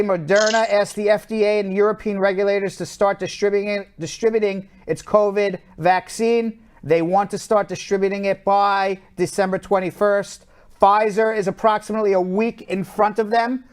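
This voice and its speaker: A man's voice: high-pitched, smooth. Chatty man with a Long Island accent. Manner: chatty, loose delivery with fillers and restarts. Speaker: show host and attorney. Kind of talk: live show news rundown.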